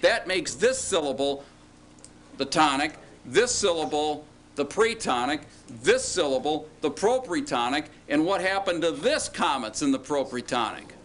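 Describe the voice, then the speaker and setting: A man with a fairly high, lively voice gives a classroom lecture at a measured pace, his tone a bit bright over slight background noise. He patiently asks students questions and draws out words as he explains.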